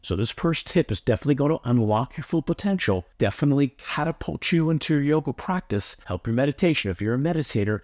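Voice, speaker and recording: A yoga teacher delivers an instructional breathing lesson in a middle-pitched, darkish voice, earnest and emphatic, repeating key points for weight. The audio is dry and close with no room echo.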